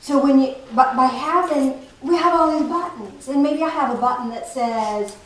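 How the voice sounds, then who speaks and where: A woman giving a playful, animated spiritual talk to a group, often laughing as she teaches. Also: sits high, normal speed, hardly any pauses. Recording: echoey room from far off, faint noise.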